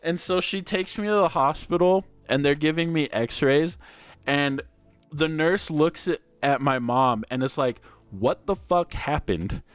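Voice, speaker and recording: Young male podcast host, crude and easygoing storyteller, clear voice, dry close mic. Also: on the high side, unhurried, dry recording. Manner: crude and laid-back, heavy on "like" and swearing. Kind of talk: casual storytelling chat.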